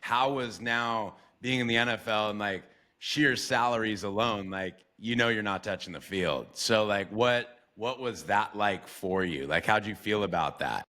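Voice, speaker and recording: A man's voice: fairly low pitch, unhurried, few pauses, bright, forceful tone. A man hosting a podcast in casual interview chat, laid-back, filling his talk with "like" and cursing freely. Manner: laid-back, swears freely, says like a lot. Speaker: podcast host.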